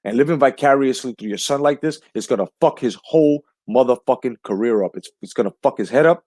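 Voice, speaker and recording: A man's voice: medium pitch, quick pace, darkish tone, no room sound. A man hosting a casual boxing livestream, talking in a heated, profane way and often repeating himself. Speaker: livestream host.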